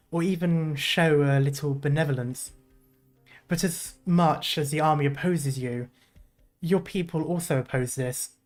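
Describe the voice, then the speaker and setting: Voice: medium pitch, natural voice. A streamer voicing a cautious court advisor and spymaster, reading in a careful, formal, deferential way with a put-on British accent. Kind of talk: reading a game story aloud.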